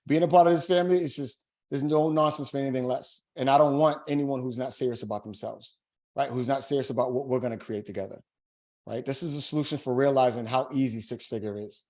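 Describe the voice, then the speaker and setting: A man coaching new real estate agents in a webinar course pitch, talking casually and emphatically and tagging his sentences with "right?". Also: a little fast, darkish tone. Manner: emphatic, slangy hype.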